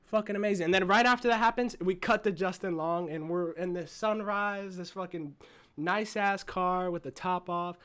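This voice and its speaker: A man recapping a horror movie in a casual, profane, excited and rambling way, seated at his desk. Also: high voice, moderate pace, clear, resonant tone. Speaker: movie reviewer.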